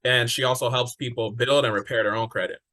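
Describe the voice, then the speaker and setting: Bright-voiced man hosting a podcast. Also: mid-range voice, fairly even intonation, fast. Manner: easygoing, encouraging interviewer. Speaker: podcast host. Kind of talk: casual interview.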